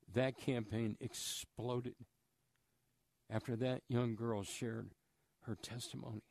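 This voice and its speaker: A man's voice: mid-range voice, gravelly, darkish tone, no echo, clean studio sound. Earnest man making a radio fundraising appeal. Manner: earnest storytelling, preacher-like urging. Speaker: charity fundraiser guest on radio.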